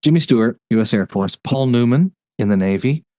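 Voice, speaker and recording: A man hosting a podcast, chatting casually in a review and rattling off facts in quick bursts. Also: mid-range voice, animated, mellow, dry recording. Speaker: podcast host.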